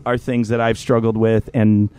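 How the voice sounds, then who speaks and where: A man co-hosting a casual podcast, loud and joking, rambling and swearing freely. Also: on the low side, flat delivery, normal speed, smooth, no echo. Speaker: podcast co-host.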